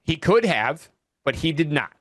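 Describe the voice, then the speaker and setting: A man's voice: on the high side, sing-song, unhurried, a bit bright, no room sound, clean studio sound. A man guesting on a podcast, ranting angrily and profanely in a heated, repetitive way. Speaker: wrestling champion guest.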